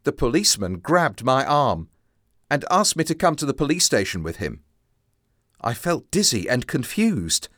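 A man reading a simplified classic story aloud as narrator, with slow, expressive storytelling. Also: mid-range voice, no echo, clean studio sound. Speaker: storybook reader.

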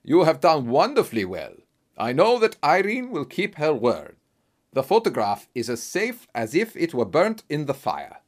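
Storybook king, boastful and excitable, read by a male narrator, wildly lively pitch. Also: moderate pace. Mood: effusive. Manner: emphatic, exclaiming.

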